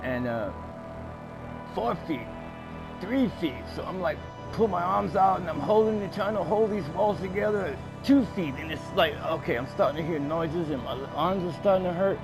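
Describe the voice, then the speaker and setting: A high-pitched man with lively intonation and a moderate pace streams a video game while telling a comedic tall tale. He rambles, curses, uses lots of fillers, and acts out scenes loudly, with game music playing beneath him.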